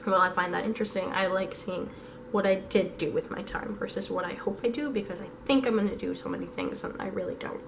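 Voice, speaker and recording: A hoarse young woman chatting through a casual planning vlog, thinking aloud. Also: medium pitch, steady tone, brisk, background noise. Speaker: vlogger.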